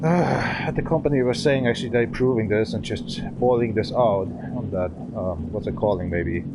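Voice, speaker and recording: A German man in his thirties, with a lowish voice and a German accent, live-streams a driving game, chatting and joking in halting English as he drifts. He uses a desk microphone, and the stream is noisy with car sounds.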